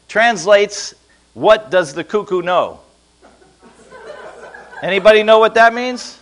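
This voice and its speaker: Playful, lively man preaching. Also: high-pitched, unhurried, pauses often. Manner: playful, quizzes the crowd. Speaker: pastor teaching a congregation. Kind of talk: lively sermon to a live audience.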